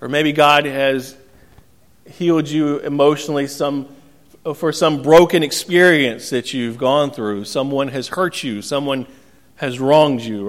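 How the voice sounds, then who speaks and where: Man preaching in a reverberant church. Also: on the high side. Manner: earnest preaching with gentle storytelling humor. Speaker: pastor. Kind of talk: sermon. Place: church sanctuary.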